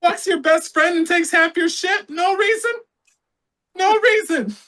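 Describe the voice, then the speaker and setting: A man's voice: very high-pitched, a little slow, pushed and bright, pitched above the performer's own voice, exaggerated voice. A man putting on the voice of an exasperated male stand-up comic, ranting in mock outrage.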